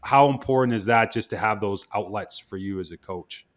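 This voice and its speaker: Male podcast host, low voice, chatty and self-deprecating. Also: moderate pace. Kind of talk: casual interview.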